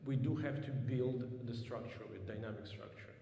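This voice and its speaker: A man teaches a piano master class, his mellow voice ringing through a large, echoing hall. He talks thoughtfully, clears his throat often, and sings snatches of music to make his point. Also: mid-range voice, fairly quick, muffled recording. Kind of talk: coaching a student at the piano.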